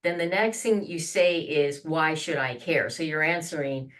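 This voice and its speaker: A woman's voice: low voice, normal speed, fairly bright tone, recorded from a distance. A woman guest on a podcast explaining how to introduce yourself, acting out sample lines with many restarts. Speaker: branding and communications guest. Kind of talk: conversational podcast interview.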